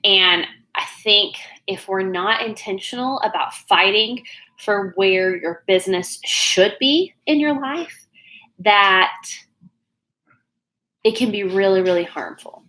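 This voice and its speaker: A bright, chatty woman from Oklahoma, USA, speaking with an Oklahoma Southern accent, works as a business coach and rambles bubbly through a casual livestream with plenty of fillers. Her voice is medium-pitched and slow, and the audio is poor because no external mic is plugged in.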